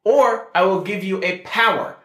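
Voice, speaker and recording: A man's voice: sits high, normal speed, fairly bright tone, roomy sound. A man hosting a casual podcast, running a quiz game in a playful, joking way. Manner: playful, laughing at his own ideas. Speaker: podcast host.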